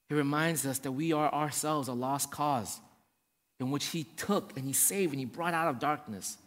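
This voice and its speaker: A man preaching a sermon to his congregation, swinging between hushed and raised passages and often checking in with the room. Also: medium pitch. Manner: addresses the congregation directly, checking in with "right?". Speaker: pastor. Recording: long hall reverb.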